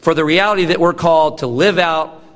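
A man in his thirties preaching a sermon, emphatic, with sudden drops to a low, slow, solemn tone. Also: fairly even intonation, fairly bright tone. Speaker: pastor. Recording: long reverb of a large hall.

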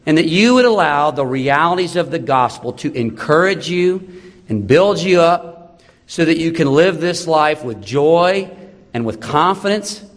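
A man's voice: on the high side, animated, a little slow, big-room sound. A man preaching a sermon as pastor, earnest and encouraging, repeating key phrases for emphasis.

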